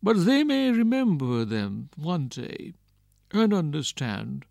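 A man reading the part of a kindly old grandfather who gently gives advice, in a storybook reading. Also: on the high side, very animated, slow, vocal fry, no room sound, studio quality, voice pushed up, exaggerated voice. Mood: gentle.

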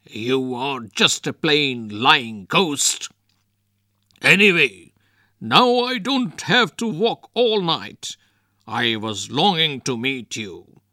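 Bold mocking wrestler voiced by a man, loud and slow, jeering, lively swooping pitch, dry close sound. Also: no room sound, exaggerated voice. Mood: bored mocking.

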